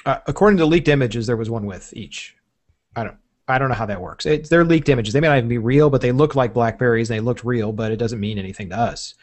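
A man hosting a casual tech podcast, relaxed and joking, rambling through the news. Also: mid-range voice, quick pace. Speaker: podcast host.

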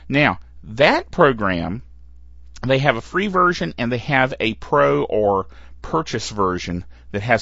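Lively, playful male podcast host. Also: mid-range voice, dry recording. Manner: playful, chatty, laughs between phrases. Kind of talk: casual tech podcast talk. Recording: dull, lo-fi and dry.

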